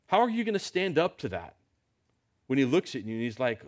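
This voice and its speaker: A man's voice: a little high, sing-song, fast. A man preaching a sermon in a church, talking to his congregation in a conversational way with lots of rhetorical questions.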